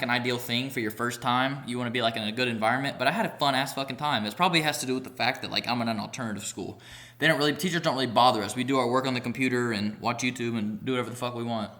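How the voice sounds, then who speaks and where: Bright-voiced young man telling a rambling story. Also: mid-range voice. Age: young adult. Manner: rambling, profane, filler-heavy storytelling. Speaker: vlogger. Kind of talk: casual storytime vlog.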